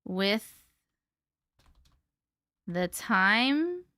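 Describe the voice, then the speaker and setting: A young woman hosting a casual livestream from home, chatting with viewers in a scattered, playful way with quick laughs and silly repeated noises. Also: mid-range voice, very animated, sharp tone, clear, resonant tone, no room sound, studio quality. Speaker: livestream host reading viewer stories. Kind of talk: casual live chat with viewers. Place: home room.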